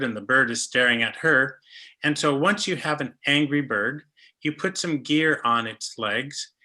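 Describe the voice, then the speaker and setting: A chatty man explaining falconry at a festival talk, jokey and full of little anecdotes. His voice is bright and forward. His pitch sits in the middle range. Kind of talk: casual presentation with slides.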